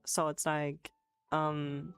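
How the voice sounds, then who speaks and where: Over a headset, a woman with a deep, monotone voice streams a casual Japanese lesson, speaking extremely slowly. Giggly, chatty and loose, she answers chat and swears, with faint music playing behind her.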